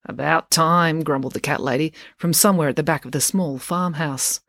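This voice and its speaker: Calm woman reading a bedtime story. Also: low voice, brisk, dry recording, studio quality. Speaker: children's author and storyteller.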